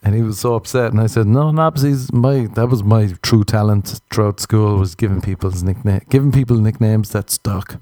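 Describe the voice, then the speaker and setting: A man's voice: fairly low pitch, fairly even intonation, brisk, few pauses, warm tone, dry recording. A young Irish man rambling through crude, jokey stories in a casual comedic monologue. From Ireland.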